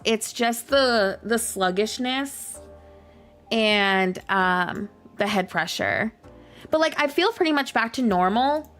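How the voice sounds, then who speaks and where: A woman game streamer with a scratchy, hoarse voice, chatting casually and rambling with lots of "like" while she plays. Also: fairly high pitch, fairly bright tone. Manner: chatty, rambling, heavy use of "like". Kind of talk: casual livestream chat while playing.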